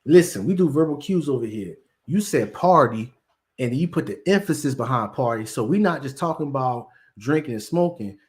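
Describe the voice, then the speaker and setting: A man at an ordinary middle pitch talks through celebrity gossip in loose, slangy commentary. He rambles, restarts and acts out what others said. The tone stays casual and conversational. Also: animated, normal speed. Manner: slangy, rambling storyteller who acts out quotes. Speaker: commentary host.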